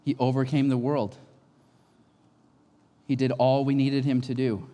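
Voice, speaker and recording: A man's voice: mid-range voice, flat delivery, measured pace, warm tone. A man preaching a sermon as pastor, in an emphatic, conversational way. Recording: long hall reverb.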